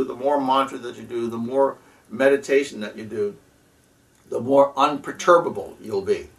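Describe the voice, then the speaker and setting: A mid-pitched man talks in an earnest, halting way, sprinkling his speech with soft laughs and filler phrases. His voice sounds a little distant from the microphone, as if he sits back from it. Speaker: spiritual practitioner sharing advice. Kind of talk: casual reflective talk.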